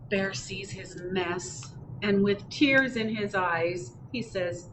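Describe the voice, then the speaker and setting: A woman librarian reading picture books aloud at storytime, expressive, with chatty asides in a public library. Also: medium pitch, slow pace, background noise. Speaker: children's librarian. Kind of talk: picture book read-aloud.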